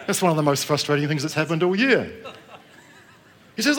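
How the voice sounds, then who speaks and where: Before a live congregation in a church, a middle-aged New Zealand preacher delivers a sermon, sharing a personal story in an easygoing, conversational style. His voice is slightly high and his pace brisk, and he repeatedly puts questions to the room. A faint hiss or hum runs under the recording.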